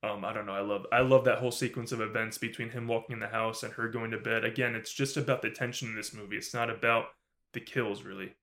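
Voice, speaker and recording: A man's voice: lowish voice, quick pace. A man co-hosting a movie review podcast, chatting casually, swearing freely, laughing often and acting out lines from the film. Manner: animated, swears a lot, laughs often, acts out character lines. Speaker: podcast co-host.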